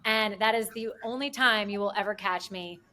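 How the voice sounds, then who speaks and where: A woman's voice: medium pitch, normal speed, sharp tone. A woman co-hosting a podcast, chatting casually about politics with a sarcastic, rambling manner. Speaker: podcast co-host.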